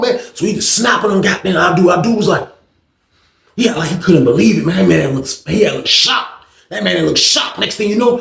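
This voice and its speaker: A man telling a story in a casual way, slangy and animated, acting out the voices of the people in it. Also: sits high, brisk, gravelly, echoey room.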